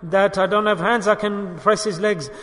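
A man voicing a devoted wife who speaks quietly, in a sermon with long hall reverb. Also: high-pitched, steady tone, normal speed. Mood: tender. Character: gentle devoted wife, hurt yet loving.

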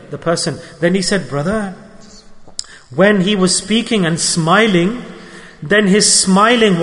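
A man preaching a sermon, telling a story with animated swings between loud exclamations and hushed asides. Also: sits high. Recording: long hall reverb.

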